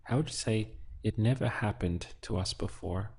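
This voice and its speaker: A man teaching a language lesson, slow and patient, quizzing the listener with prompts. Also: on the low side, a little mellow, husky. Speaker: Spanish teacher.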